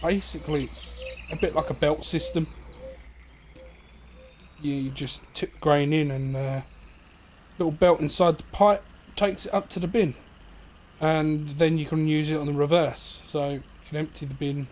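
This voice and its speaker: A man talks through his farm game in a relaxed, meandering way, leaning on ums and uhs as he goes. His voice sits a touch higher than most men's. Faint birdsong and outdoor ambience drift underneath. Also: normal speed, long pauses, slight background noise. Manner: relaxed, rambling, many fillers. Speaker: gaming streamer. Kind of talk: casual let's-play commentary.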